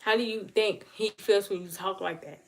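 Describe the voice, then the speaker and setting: A woman's voice: mid-range voice, fairly even intonation, normal speed. A woman giving an earnest, emotional talk about faith to viewers on her livestream. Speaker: livestream host. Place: home livestream.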